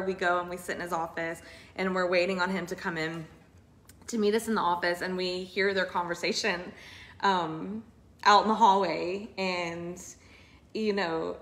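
A woman in her thirties telling a personal faith testimony in casual, earnest, emotional storytelling. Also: lowish voice. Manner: emotional, earnest, animated retelling. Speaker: co-host sharing a testimony.

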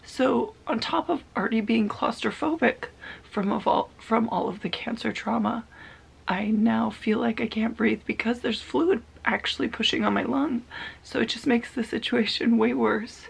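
A woman in her thirties recording a personal video diary, talking in a soft, halting, confiding way that often drops to a half-whisper. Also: a little high, vocal fry, slightly rough. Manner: emotional, confiding. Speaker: vlogger.

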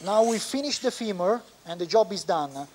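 High-voiced Italian surgeon teaching. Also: male voice, animated, darkish tone, a little hiss or hum. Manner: explains step by step, halting with frequent pauses. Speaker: orthopedic surgeon. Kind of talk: live surgical teaching demonstration. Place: operating room.

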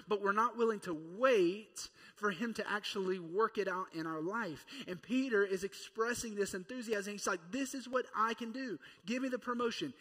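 A male pastor in his thirties, with a high and somewhat bright voice, delivers a sermon at church. He keeps it conversational and playful, acting out quotes, and the recording carries the reverb of the church hall.

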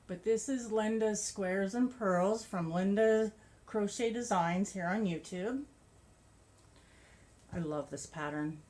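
A woman's voice: mid-range voice, slow, a little mellow. A woman vlogger chatting casually about her crochet projects and yarn, gushing and laughing often. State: a bit out of breath. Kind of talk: casual show-and-tell chat.

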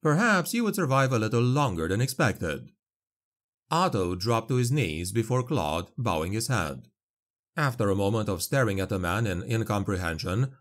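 Low-voiced man narrating a fantasy audiobook.

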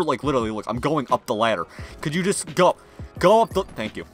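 A young man commentating his own gameplay in a casual, slangy way, muttering to himself and then yelling at the game. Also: on the high side, expressive, a little fast. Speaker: gaming video creator. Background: game music and gunfire.

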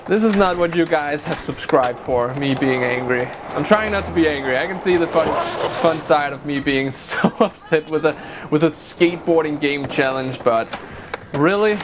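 A man's voice: a little high, moderate pace. A man commentating a skateboarding game playthrough, talking through his frustration with exclamations and self-mocking asides. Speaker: gameplay streamer. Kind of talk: let's play commentary. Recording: noisy recording.

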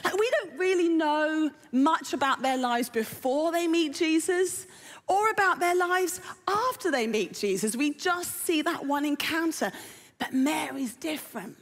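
A woman's voice: high-pitched, expressive, measured pace. A woman preaching a sermon in a conversational way, often putting questions to the congregation. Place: church auditorium. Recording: reverberant church hall.

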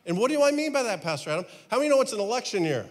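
A man's voice: very high voice, big pitch swings, rapid-fire, big-room sound. A pastor in his fifties preaching a sermon, emphatic, with many rhetorical questions. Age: 50s.

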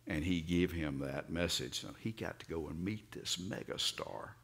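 An older pastor with a Southern accent delivers a storytelling sermon. His voice sits low but rings bright and forceful. He slips into character voices and suddenly rises to loud, emphatic peaks. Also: moderate pace, few pauses.

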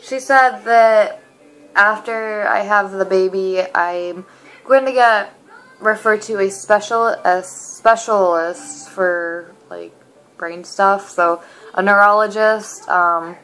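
A young woman in a casual home vlog, talking in a rambling, halting way full of asides from her apartment. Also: mid-range voice, steady tone, fairly bright tone, poor audio. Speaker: vlogger.

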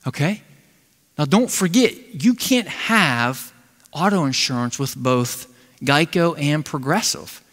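A man preaches in a church sanctuary, retelling a Bible story with lively swings in pitch. His voice is high and bright. Long reverb from the hall trails behind it. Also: slow pace. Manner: animated storytelling, voicing characters. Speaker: pastor. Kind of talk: sermon.

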